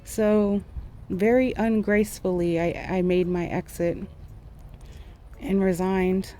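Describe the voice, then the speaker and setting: Chatting over her drawing, this former school teacher rambles candidly about what frustrates her, with faint music playing behind. Her mid-range voice is steady, slow, and dark in tone, with slight background noise.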